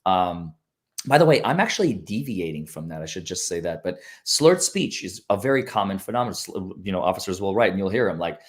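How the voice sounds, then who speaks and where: Guest lawyer, low voice, earnest, rambling, restarts a lot. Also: male voice, lively intonation, brisk. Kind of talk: casual livestream chat.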